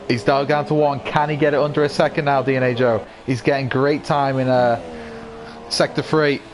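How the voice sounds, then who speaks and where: A man with a croaky voice giving excitable live commentary on an online racing league, rising to yells at incidents. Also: medium pitch, normal speed, slight background noise.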